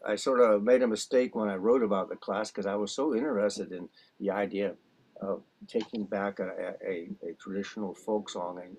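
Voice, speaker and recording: Man, lowish husky voice, chatty music teacher on a video call, wanders into analogies. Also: a little mellow, poor audio. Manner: rambling, explains with homely analogies. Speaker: dulcimer teacher. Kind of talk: casual class introduction.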